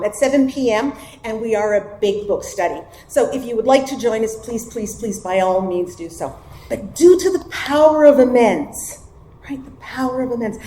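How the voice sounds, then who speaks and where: A woman's voice: fairly high pitch, darkish tone, a little hiss or hum. Wry woman speaking in an echoey room. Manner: conversational and wry, keeps checking in with "right?". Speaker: guest speaker sharing her recovery story. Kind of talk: personal testimony at a recovery meeting.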